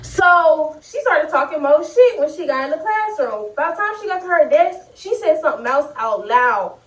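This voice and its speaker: A young adult woman telling a story in a casual, animated, profane way, speaking straight to her viewers. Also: sits high, moderate pace. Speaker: vlogger. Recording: roomy sound, distant mic.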